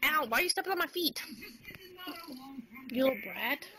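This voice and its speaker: A woman's voice: high voice, lively intonation, moderate pace, poor audio. A woman filming her small nieces at home, teasing and playing with them in casual chatter. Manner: playful, teasing, talks to small children. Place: home, indoors. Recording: home video with TV music behind.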